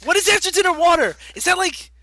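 A woman's voice: extremely high pitch, expressive, fast, sharp tone, no echo. A woman co-hosting a casual podcast about comics, asking questions and making wry asides. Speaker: podcast co-host. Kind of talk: casual comic-book discussion.

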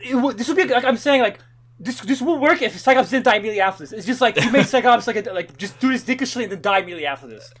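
A man talking casually about comic books with friends, quick and animated, full of filler words. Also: very high voice. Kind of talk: casual comic book discussion.

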